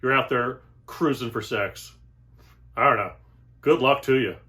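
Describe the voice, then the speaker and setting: A young adult man delivering a comic monologue as host, sarcastic and animated, with exaggerated outbursts and quick asides. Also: mid-range voice. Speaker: comedian host. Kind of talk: stand-up style comic monologue.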